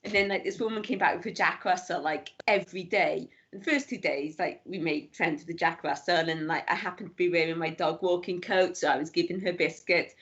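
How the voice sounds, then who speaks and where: A young woman in casual podcast chat, chatty with quick asides and "like" fillers. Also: fairly low pitch, a bit bright. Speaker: guest. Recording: dull lo-fi podcast audio.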